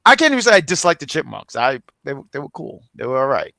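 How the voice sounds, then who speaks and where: A man co-hosting a wrestling review show in casual chat, rambling and animated with frequent restarts. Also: fairly high pitch, fast, gravelly, dry recording. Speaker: wrestling review podcast co-host.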